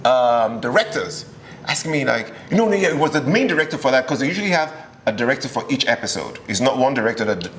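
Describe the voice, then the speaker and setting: A man from Nigeria, an actor being interviewed, telling stories in a relaxed chat and acting out the people he quotes. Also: medium pitch, fast talker, slight background noise. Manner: animated storyteller, acts out quoted voices.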